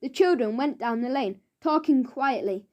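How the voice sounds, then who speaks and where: A woman with a high voice reads a children's mystery aloud. Her narration is steady and clear, in a plain storytelling manner. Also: moderate pace, muffled recording.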